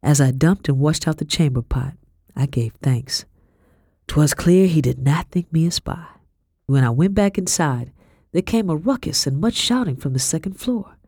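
A woman narrating an audiobook in a measured, expressive reading style. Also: deep voice, husky, no echo. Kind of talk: scripted narration. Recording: dry close audiobook recording.

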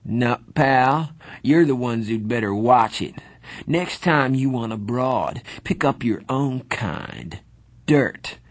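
A man voicing a drunk, sneering teenage gang bully who taunts in a slow drawl. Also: mid-range voice, animated, no echo, voice pushed up.

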